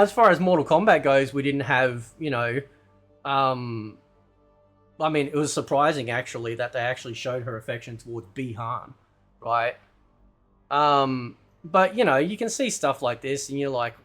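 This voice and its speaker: A man's voice: medium pitch, a bit bright. A man hosting a ranting commentary video, loose and combative, who keeps asking "right?". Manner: loose, rambling delivery with fillers and swearing. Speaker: commentary channel host.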